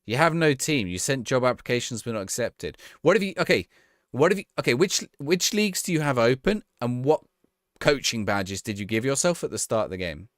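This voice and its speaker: A man streaming a game from home, reading viewers' questions aloud and answering them in loose, offhand chat. His pitch swings up and down in a lively way, and he often breaks off and restarts his sentences. The sound is close and dry, with little room around it. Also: fairly quick, no room sound. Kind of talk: casual chat.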